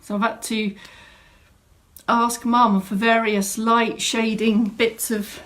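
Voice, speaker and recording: A woman's voice: on the high side, level tone, slow pace, fairly bright tone. A woman fitness instructor, chatting and greeting viewers by name at the start of a live online exercise class from a home room. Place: home room set up as studio.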